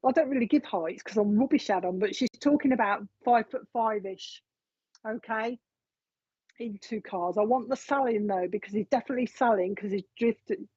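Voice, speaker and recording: A woman's voice: mid-range voice, normal speed, warm tone, breathy edge, dry recording. A woman giving a live psychic reading, chatting along as she relays messages from spirit. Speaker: psychic medium. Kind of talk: live reading on a streamed show. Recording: dull, lo-fi stream audio.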